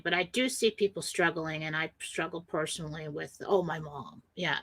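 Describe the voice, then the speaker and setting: Woman radio host, bright tense voice, swings all over in pitch, emotional storyteller. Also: expressive, unhurried, low-quality recording. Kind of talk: personal spiritual talk monologue.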